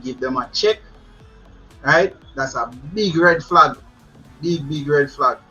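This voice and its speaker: A man's voice: a little high, measured pace, bright, forceful tone, lo-fi sound, faint music behind. A man with a Jamaican accent giving casual advice to his viewers, chatty, laughing often and repeating words. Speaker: channel host. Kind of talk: casual advice talk to camera.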